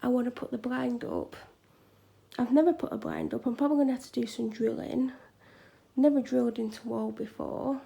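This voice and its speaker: A woman chatting frankly in a home vlog from a room she is decorating, sometimes dropping into soft whispered asides. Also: fairly high pitch, sing-song, brisk, gravelly. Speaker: vlogger. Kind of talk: casual home vlog chat.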